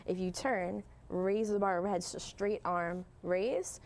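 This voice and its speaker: Woman, mid-pitched voice, fitness trainer, upbeat, explains exercises, casual talk show. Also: unhurried, darkish tone.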